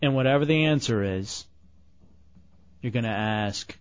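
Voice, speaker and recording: A man's voice: medium pitch, unhurried, smooth, muffled recording. A man hosting a talk radio show, bossing and mocking a young helper. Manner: bossy, mocking, gives orders. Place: radio studio.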